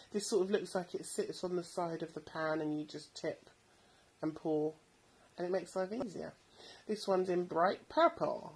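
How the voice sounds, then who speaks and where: Chatty, husky woman. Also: on the low side, a little mellow, low-quality recording. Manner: chatty, rambling, many ums. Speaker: podcast host recommending bargain buys. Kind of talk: casual product recommendations.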